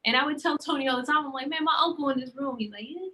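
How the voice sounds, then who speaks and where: A young woman chatting casually as a podcast co-host, with a bright, forceful voice sitting a little high. She tells her stories animatedly and acts out the lines of the people in them. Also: rapid-fire, low-quality recording. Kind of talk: casual chat.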